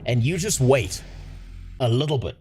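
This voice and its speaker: A man's voice: medium pitch, animated, moderate pace, darkish tone, husky. A man chatting casually on a livestream, profane and rambling, talking to his viewers. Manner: profane, rambling, laughs often. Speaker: streamer.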